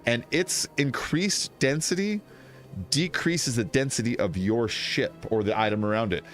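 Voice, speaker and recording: A man chatting excitedly while streaming a video game, rambling and laughing often. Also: medium pitch, a little slow, soft background music. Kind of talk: casual gameplay commentary.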